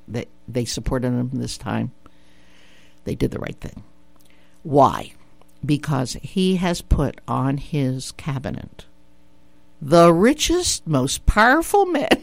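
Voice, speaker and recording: A woman's voice: rumbling low, gravelly, dry recording. A woman hosting a radio talk show, chatting in an opinionated, emphatic way that repeats her points and asks the listener rhetorical questions. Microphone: studio radio mic.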